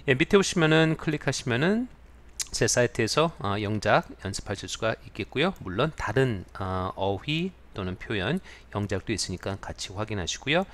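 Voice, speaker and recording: A man's voice: fairly low pitch, very animated, rapid-fire, fairly bright tone. A man teaching an English idiom in a video lesson, explaining at length with many fillers.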